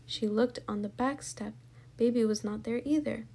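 A woman reading a children's storybook aloud with clear, expressive storytelling. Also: fairly high pitch, normal speed. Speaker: storybook reader. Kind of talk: children's book read-aloud.

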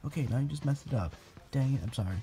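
A man's voice: medium pitch, animated, fast, music in the background. A young man recording fan voice-acting bloopers, stumbling over lines and muttering self-corrections. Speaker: fan voice actor.

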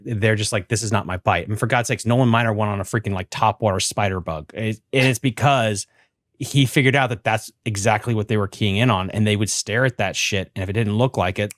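Laid-back joking podcast host, dry sound. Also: male voice, on the low side, no room sound. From United States. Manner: joking, loose, asks long rambling questions. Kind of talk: casual live podcast chat.

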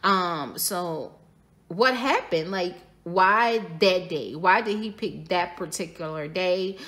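A woman's voice: on the low side, slow, a bit bright. A woman giving a tarot reading for her viewers, speaking casually, speculating aloud and repeating her phrases. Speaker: tarot reader.

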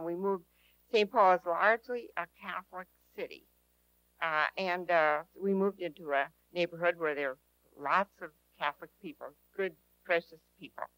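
A woman's voice: mid-range voice, a bit bright, no echo, low-quality recording. A woman telling a personal testimony to an audience in an earnest, emphatic way, repeating her key phrases. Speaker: speaker at a prayer teaching session.

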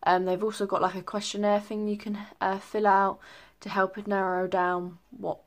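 A woman's voice: mid-range voice, level tone, normal speed. A young woman chatting casually in a pregnancy update vlog, rambling with many ums. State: a little out of breath. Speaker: vlogger.

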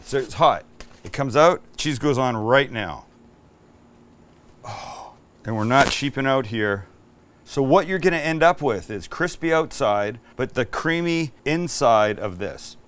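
A man's voice: mid-range voice, animated, slow pace, pauses often, fairly bright tone, slight background noise. Joking man hosting a cooking show. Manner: joking, talks to the crew while cooking. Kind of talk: casual cooking demonstration.

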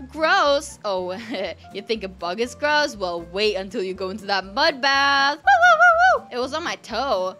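A young woman giving playful gameplay commentary, excitable and gasping, often dropping to a hushed, sneaky tone. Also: medium pitch. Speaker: gaming channel host.

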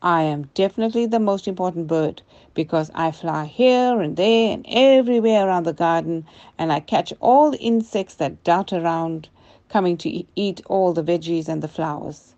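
A woman's voice: fairly low pitch, moderate pace, warm tone, lo-fi sound, natural voice. An older woman voicing a busy, proud little sparrow in a storybook tale for children. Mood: eager.

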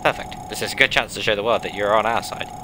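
A man's voice: lowish voice, quick pace, noisy background, natural voice. A man voicing a bossy, scheming young woman from a video game in a raised, haughty voice. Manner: haughty and commanding. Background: game music.

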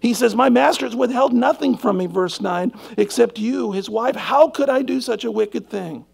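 A man's voice: very high voice, moderate pace, creaky, slightly rough. A male pastor preaching a sermon earnestly and emphatically, putting rhetorical questions to his congregation.

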